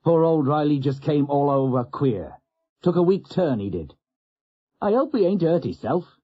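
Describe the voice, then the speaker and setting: Sly sailor, feigned innocence, husky raised voice, read by a man. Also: fairly high pitch, lively intonation, normal speed, muffled recording, pitched above the performer's own voice. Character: stoker Nobby, working-class English sailor, sly.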